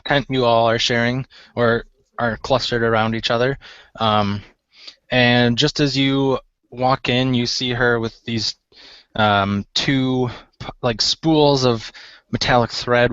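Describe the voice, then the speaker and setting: A man narrating as game master, relaxed and hesitant with frequent fillers. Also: mid-range voice, slow, clear, resonant tone, dry recording. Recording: dry, dull lo-fi sound.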